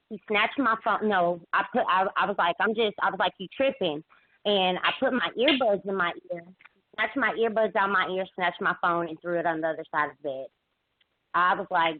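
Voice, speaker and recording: A woman calling in to a talk show, telling her account haltingly with many restarts and fillers. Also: on the low side. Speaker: caller. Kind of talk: emotional call-in account. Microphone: phone. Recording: tinny phone line.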